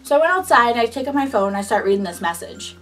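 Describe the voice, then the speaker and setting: A woman's voice: on the high side, quick pace, recorded from a distance, faint music behind. A young woman casually telling a personal story in a chatty style, full of "like". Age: young adult. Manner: chatty, frequent "like", animated retelling. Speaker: vlogger.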